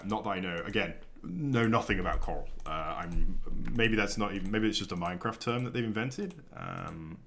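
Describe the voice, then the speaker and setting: There's a little hiss or hum on this young man's low, fairly bright voice. Streaming a game, he chats casually as he builds, thinking aloud and rambling with lots of ums, with faint keyboard clicks and typing in the background.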